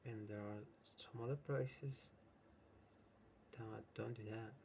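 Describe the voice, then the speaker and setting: A man's voice: lowish voice, fairly even intonation, slow, vocal fry, dark tone, a little hiss or hum. A man teaching an English lesson who explains with many examples and keeps checking in with "right?". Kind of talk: slow, patient English lesson.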